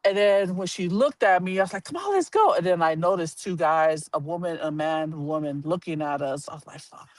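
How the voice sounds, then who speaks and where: A man telling a personal story to a live audience, animated and blunt, swearing casually and acting out the voices of the people in it. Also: on the high side, fairly quick, hardly any pauses, no room sound. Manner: animated, acts out quoted voices, laughs while telling.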